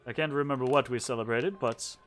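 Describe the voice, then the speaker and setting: A man voicing a hungover, boisterous and forgetful male scholar in a tabletop game, with loud exclamations. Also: medium pitch, steady tone, brisk, music in the background, voice pushed down, lightly acted. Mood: boisterous drunk. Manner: loud, exclamatory, slurred enthusiasm.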